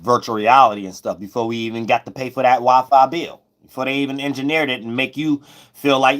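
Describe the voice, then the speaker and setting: A man giving a loose, rambling spiritual astrology monologue, repeating himself and breaking into sudden loud, high shouts. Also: quick pace. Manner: loose, preachy, repeats "you know what I'm saying", bursts into loud high shouts.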